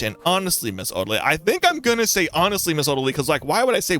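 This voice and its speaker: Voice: medium pitch, sing-song, fast talker, few pauses, a bit bright, faint music behind. A let's-play host giving playful, jokey commentary over a story game.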